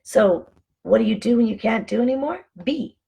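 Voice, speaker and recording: A woman vlogger giving casual motivational talk, calmly encouraging listeners to breathe and slow down. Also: a little high, gravelly, husky. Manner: calm, encouraging, coaching listeners through breathing. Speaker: wellness vlogger.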